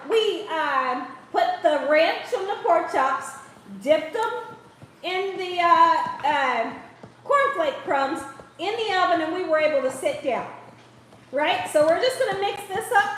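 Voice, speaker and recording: Woman, middle-aged, cooking show host, chatty and playful, high voice, strong room echo. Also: fairly bright tone. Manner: chatty, playful, often laughing. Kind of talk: casual live cooking demonstration. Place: home kitchen. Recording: very echoey room with faint background hiss.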